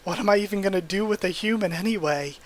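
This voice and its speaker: A man's voice: high-pitched, fast, natural voice. A man voicing a lonely male demon with a scarred face, flustered and stammering as he reads a manga aloud. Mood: panicked.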